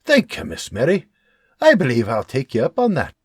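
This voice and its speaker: A man voicing a folksy, easygoing middle-aged frontiersman with a husky voice. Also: medium pitch, huge pitch swings, normal speed, dry recording, studio quality. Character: middle-aged frontiersman, wandering hunter and trapper, jovial.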